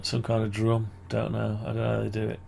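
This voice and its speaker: Brisk and monotone, a UK man with a lowish, darkish voice and vocal fry walks viewers through his amateur radio antenna project on screen. He thinks aloud and corrects himself in this casual screen-share, with slight background noise.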